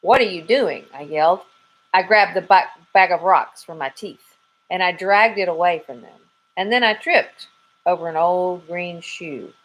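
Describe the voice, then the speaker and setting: A woman teacher reading a children's book aloud with soft, expressive storytelling. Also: lowish voice, measured pace, rough recording. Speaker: 3rd grade teacher.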